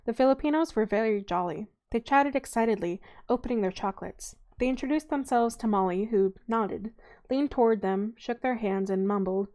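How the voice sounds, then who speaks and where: A woman's voice: mid-range voice, a little mellow. Young woman reading a novel aloud, casual, stumbles and corrects herself often. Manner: informal reading with frequent stumbles and self-corrections.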